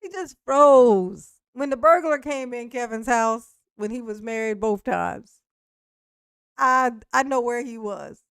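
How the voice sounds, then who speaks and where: High voiced woman, cussing and laughing through a reaction, dry close sound. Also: measured pace, fairly bright tone, clear, resonant tone, dry recording. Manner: blunt, profane, laughs often. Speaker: commentary host reacting to a clip. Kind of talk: casual reaction commentary.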